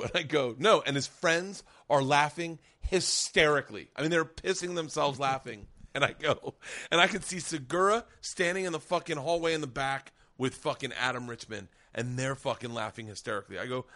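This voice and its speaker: A man's voice: fairly high pitch, fairly quick, bright, forceful tone. A middle-aged man hosting a podcast, telling a profane story in casual chat and acting out the quotes as he goes. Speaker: podcast host.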